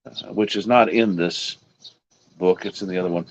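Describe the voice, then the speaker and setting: A man hosting an online Bible study, chatting slowly and casually between hymns from home. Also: low voice, steady tone, a little hiss or hum. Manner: slow, chatty, drawn-out speech. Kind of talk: casual live-stream chat and hymn singing. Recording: dull lo-fi stream audio.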